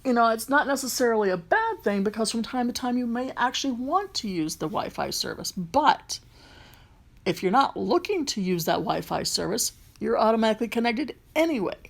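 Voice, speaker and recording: A woman's voice: fairly high pitch, very animated, brisk, vocal fry. A woman with a light Southern accent, a rideshare driver and vlogger, talking casually through a phone tutorial, rambling with frequent ums and restarts.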